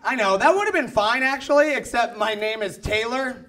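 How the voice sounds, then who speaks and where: A young man doing a stand-up comedy set, telling self-mocking stories and shouting out punchlines. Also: very high-pitched, animated, normal speed. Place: comedy club with a live audience. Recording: live club recording with crowd. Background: audience laughter.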